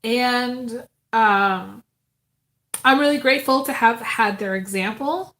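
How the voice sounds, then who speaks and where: A woman's voice: fairly high pitch, slow pace, fairly bright tone. A woman giving a casual live tarot reading, talking earnestly and from the heart, with many ums and restarts. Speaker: tarot reader.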